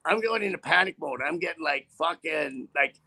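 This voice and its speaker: A man's voice: fairly high pitch, animated, normal speed, gravelly, pushed and bright. A man who drives trucks, telling a story in a casual interview with a profane, rambling, heated manner.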